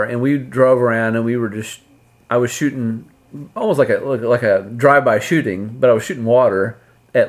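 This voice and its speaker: A man telling a comic anecdote in a casual podcast style. His voice sits at an ordinary middle pitch. He pokes fun at himself as he goes. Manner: humorous, self-deprecating. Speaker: storyteller on a podcast. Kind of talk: casual storytelling.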